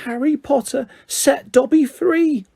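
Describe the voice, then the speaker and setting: A man voicing a small, shrill, excitable male house-elf who speaks of himself in the third person. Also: slow, creaky, exaggerated voice. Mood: earnest.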